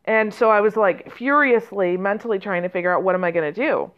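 A woman trainer telling a personal story in a conversational way, with fillers and restarts and lively quoted speech. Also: medium pitch, brisk, lo-fi sound. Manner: conversational, many fillers and restarts, animated quoting.

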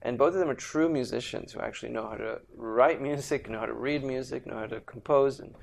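A man's voice: mid-range voice, fairly quick, creaky, a little hiss or hum. A man who is a musician, chatting on a podcast and telling loose, rambling stories. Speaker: guest musician. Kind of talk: casual podcast chat.

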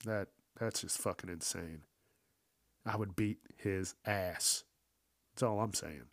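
Slow-talking, incredulous swearing man. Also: low voice, no room sound, studio quality. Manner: incredulous, swears a lot, laughs often. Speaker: news commentary vlogger. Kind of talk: casual profane commentary.

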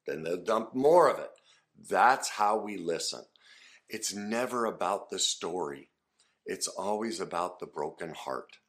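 A man giving an earnest, conversational lesson on listening, with casual fillers and restarts. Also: deep voice. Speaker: instructor teaching listening skills. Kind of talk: casual instructional talk to camera.

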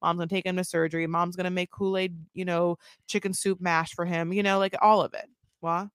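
A woman's voice: on the low side, level tone, a little fast, clear, resonant tone, dry recording, clean studio sound. A woman co-hosting a reality TV recap podcast in casual chat, acting out quotes in funny voices. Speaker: podcast co-host.

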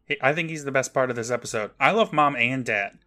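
A young man co-hosting a podcast, recapping an episode in a wry, steady storytelling manner. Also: mid-range voice, quick pace. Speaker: podcast co-host. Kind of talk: casual recap narration.

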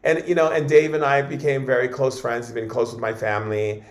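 A man, a guest in an interview, tells his stories in a loose, animated way, doubling back on words and starting phrases over. His voice sits at an ordinary middle pitch. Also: fairly quick, reverberant. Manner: animated, repeats and restarts words often. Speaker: guest shaman. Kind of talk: casual interview storytelling.

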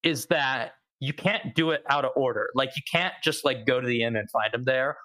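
A young man hosting a casual podcast, telling stories in an animated way and acting out quotes. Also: medium pitch, normal speed, rough recording. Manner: animated storyteller who acts out quotes. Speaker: podcast host.

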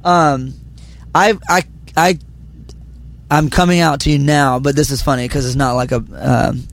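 Young male musician guest, hushed and a bit raspy after a show, casual and rambling. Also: mid-range voice, fairly even intonation, measured pace. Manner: speaking quietly, filler-heavy. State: slightly raspy from performing. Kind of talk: casual interview chat. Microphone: handheld mic held close.

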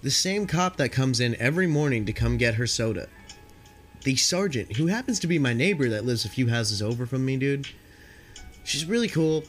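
A man with a medium-pitched voice and lively intonation casually tells rambling stories about his night shift at a store, at a moderate pace with faint music behind. He's laid-back, swears a lot, and sniffles from allergies.

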